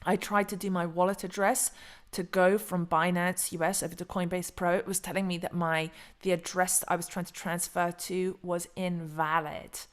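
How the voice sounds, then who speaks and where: A woman hosting a casual crypto commentary stream, chatty, frank and excitable. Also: fairly low pitch, normal speed. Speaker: crypto channel host.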